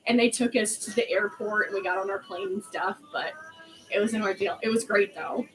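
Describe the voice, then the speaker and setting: A woman's voice: medium pitch, steady tone, fairly quick, noisy background. A woman in her late twenties telling a story in a rambling, chatty way, full of "like". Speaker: vlog host. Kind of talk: casual storytelling chat.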